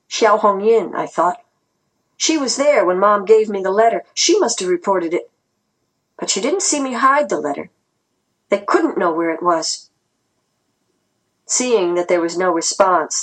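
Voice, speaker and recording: A woman narrating a first-person story aloud in a tense, earnest reading voice with a husky grain. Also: medium pitch, a bit bright, poor audio. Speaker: audiobook narrator.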